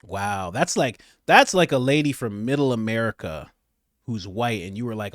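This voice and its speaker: Brief: male comedian, lively swooping delivery, dry close mic. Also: on the low side, normal speed, no room sound. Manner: animated, laughing, incredulous. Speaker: comedian commentator. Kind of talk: comedic political commentary.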